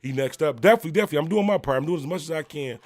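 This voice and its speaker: Reading viewer comments on his music talk livestream, this Buffalo native rambles casually, dropping fillers and shout-outs throughout. He talks rapid-fire in an expressive, fairly high voice, captured in a dry recording.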